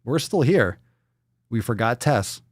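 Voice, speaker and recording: A man's voice: mid-range voice, lively intonation, slow pace, breathy edge, dry recording, studio quality. Profane, playful man hosting a livestream. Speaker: livestream fitness show host. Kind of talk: casual livestream banter.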